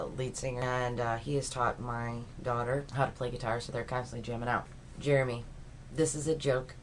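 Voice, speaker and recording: A woman's voice: rumbling low, a little hiss or hum. A middle-aged woman vlogging casually from home, chatty and rambling.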